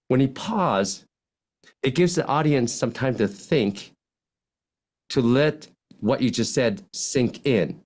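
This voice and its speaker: A man, a physician, giving speaking advice as a podcast guest, animated and lively, swinging his voice up and down and acting out example lines in contrasting tones. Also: unhurried. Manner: animated, swings pitch widely to demonstrate points. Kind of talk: podcast interview, coaching talk.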